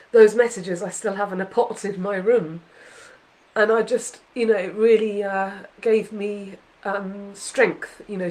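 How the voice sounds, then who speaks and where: A woman's voice: medium pitch, a little mellow, low-quality recording. A woman hosting a casual chat with her son, heartfelt and rambling, full of fillers and restarts. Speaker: podcast host, mother.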